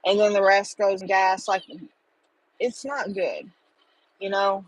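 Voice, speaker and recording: A woman's voice: mid-range voice, level tone, slow pace, rough recording. A middle-aged woman, chatting with viewers on a casual livestream and rambling with lots of fillers. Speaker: livestream host.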